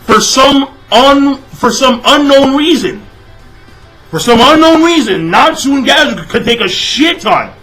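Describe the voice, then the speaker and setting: A young man vents about a manga chapter in a high-pitched voice. He swears constantly, repeats his words and bursts into shouts. His tone is bright and sharp. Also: animated, unhurried, soft background music, poor audio. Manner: exasperated, profane, repeats phrases, shouts in bursts. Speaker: manga reviewer. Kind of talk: ranting manga review vlog.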